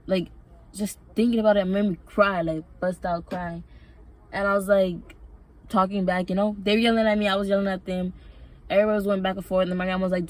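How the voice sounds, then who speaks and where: Woman vlogger with a lowish voice, loose and profane, telling her story. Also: darkish tone. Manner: rambling, profane, emotional storytelling. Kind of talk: casual storytime vlog.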